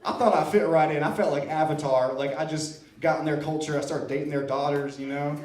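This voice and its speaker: A man's voice: a little high, fairly even intonation, fairly quick, echoey room, distant mic, noisy background. A man from Iowa doing an open-mic stand-up set in a comedy club, playful and self-deprecating as he works the crowd.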